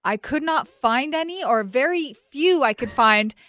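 A woman co-hosts a morning show, telling stories with animated energy in a fairly high voice. She sounds dry and close, with faint music behind. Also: unhurried, dry recording. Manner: animated storytelling. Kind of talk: casual chat.

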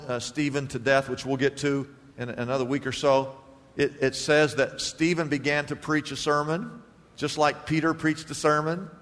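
A male pastor preaching a sermon with strong emphasis, swinging between loud declarations and hushed passages, in a church. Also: fairly high pitch. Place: church sanctuary. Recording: long hall reverb.

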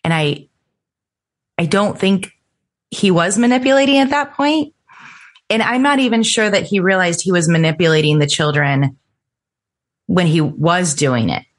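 A woman's voice: on the low side, animated, moderate pace, long pauses. A middle-aged woman, an interview guest, telling her personal story earnestly and lifting her voice when she quotes people.

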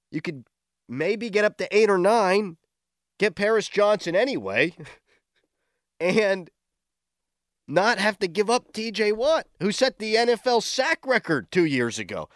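A man hosting a morning sports talk radio show, excitable and quick to shout in disbelief. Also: high voice, no room sound, clean studio sound.

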